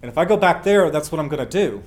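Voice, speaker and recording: A man's voice: on the high side, lively intonation, fast, natural voice. A man voicing an earnest desperate young hiker.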